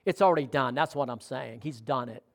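A man's voice: mid-range voice, fairly quick, gravelly. A man preaching a sermon in a conversational way, often asking the congregation questions. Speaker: pastor.

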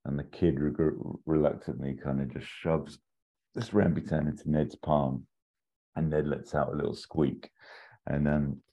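A man casually pitching a comedic film sequel scene by scene, often popping into silly high character voices. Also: steady tone, unhurried, warm tone. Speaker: podcast co-host pitching an imagined sequel. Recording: dull lo-fi sound.

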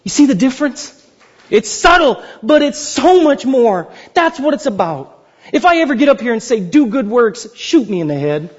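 A man in his thirties preaching a sermon as pastor, swinging from loud, high exclamations to slow, hushed pleading. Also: big pitch swings, lo-fi sound.

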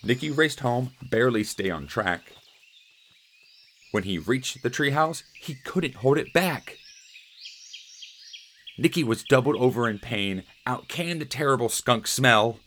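A man reading a rhyming children's picture book aloud in a gentle way. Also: mid-range voice, lively intonation, measured pace, pauses often, slight background noise. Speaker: storyteller.

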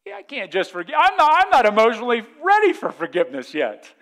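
A man's voice: very high voice, wildly swooping pitch, fast, fairly bright tone, voice pushed up, full character voice. A man voicing a petulant spouse who refuses to forgive, in a whiny, exaggerated, mocking way.

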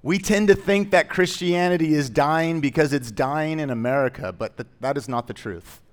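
A man's voice: fairly high pitch, moderate pace. A man pastor preaching a sermon in a conversational way, with joking asides that rise into emphatic declarations.

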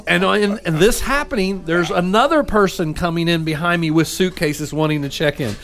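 A man's voice: sits high, normal speed, fairly bright tone. A man hosting a radio talk show, telling a funny story with lots of laughter. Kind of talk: storytelling banter.

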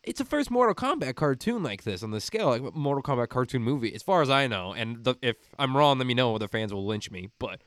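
A man hosting a podcast, chatting casually and reading an ad with quick enthusiasm and the odd swear. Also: medium pitch, sing-song, a bit bright, no echo, clean studio sound. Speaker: podcast host. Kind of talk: casual podcast chat and read ad.

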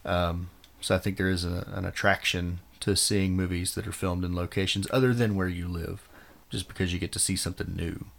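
A man's voice: low-pitched, fairly even intonation, fairly quick, gravelly, a bit bright. An American man co-hosting a podcast, chatting casually and bluntly about films and swearing freely. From United States. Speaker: podcast co-host. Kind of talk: casual film chat.

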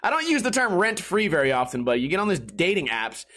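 A man's voice: high-pitched, big pitch swings, fast talker, pushed and bright. A young man hosting a casual solo podcast, rambling and swearing, laughing at his own bad luck. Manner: rambling, profane, self-mocking, laughs often. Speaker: podcast host.

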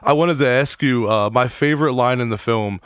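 A man's voice: medium pitch, normal speed, a bit bright, smooth, dry recording, studio quality. A man hosting a casual podcast interview, speaking as an enthusiastic fan in casual slang. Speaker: podcast host.

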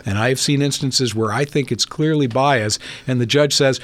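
A man's voice: mid-range voice, moderate pace, few pauses, no room sound. A trial attorney speaking on a podcast panel, telling stories from his cases and acting out the people in them. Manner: storytelling, acting out courtroom dialogue.

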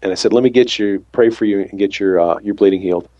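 Speaking fast in a lowish voice, this ambulance worker retells a testimony of faith from his shifts and performs each line of dialogue. The audio is dry and muffled.

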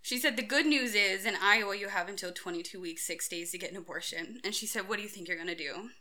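A woman in her thirties with a bright, forward tone tells her own story in an interview. She speaks candidly and acts out the other people in it, sometimes jumping suddenly loud and high. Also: fast talker. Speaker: mother telling her story.

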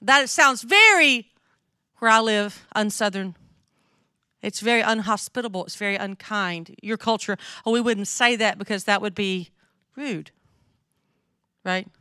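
A woman's voice: mid-range voice, a little slow, sharp tone, clear, resonant tone, no echo, studio quality. A middle-aged woman from the American South with a Southern accent, giving a chatty, candid sermon to a women's gathering and often checking in with her listeners. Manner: chatty, candid, asks the audience questions. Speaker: women's ministry speaker. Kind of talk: conversational sermon.

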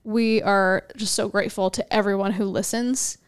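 A woman's voice: medium pitch, steady tone, normal speed, smooth. A woman co-hosting a faith podcast, talking earnestly and reflectively in long flowing runs. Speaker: podcast co-host. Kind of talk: casual faith talk.

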